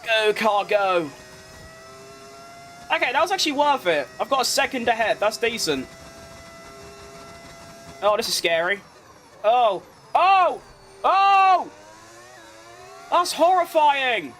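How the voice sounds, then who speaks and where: A man giving live commentary over his racing game, excitable and quick to shout at close calls, with casual swearing. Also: high voice, slight background noise. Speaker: gaming creator.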